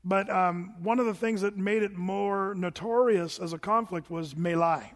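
A man in his sixties preaching a sermon in a conversational, animated way, breaking into mimicked voices to make his points. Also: high voice, moderate pace. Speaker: pastor. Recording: long hall reverb.

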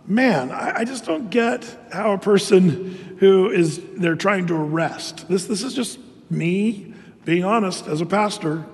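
A man's voice: high-pitched, in a large hall. A male pastor praying and then teaching through a Bible chapter in a conversational, earnest way, with many fillers and restarts. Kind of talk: prayer and verse-by-verse sermon.

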